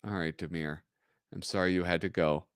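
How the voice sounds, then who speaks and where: A man hosting a live stream, reading comics aloud in an animated, joking way and laughing often. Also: deep voice, fairly quick, clear, resonant tone, dry recording, clean studio sound. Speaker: host.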